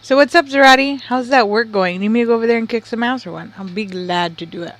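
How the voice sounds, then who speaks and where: A woman co-hosting a casual home livestream, loud and joking, swearing often and dropping Spanish slang. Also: fairly high pitch, fast, dry recording. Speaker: streamer's co-host.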